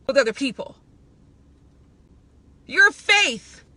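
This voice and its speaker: Middle-aged woman, live preacher, fervent, high voice, dry sound. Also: pushed and bright, no echo. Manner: fervent, calls out to listeners as y'all. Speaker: host and preacher.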